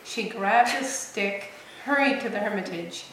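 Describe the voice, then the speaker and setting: A woman in a group reading a story aloud in a clear, lively way. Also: mid-range voice, unhurried, slight background noise. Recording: very echoey room, mic far off.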